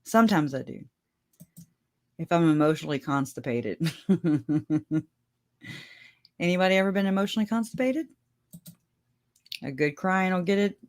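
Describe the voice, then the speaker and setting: A woman hosting a casual livestream, chatting with her viewers and laughing often as she talks. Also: fairly low pitch. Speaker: livestream host.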